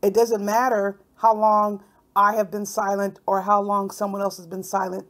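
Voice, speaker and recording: A woman's voice: medium pitch, level tone, moderate pace, a bit bright. A woman hosting her own channel, talking over clips in a combative, mocking commentary. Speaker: channel host.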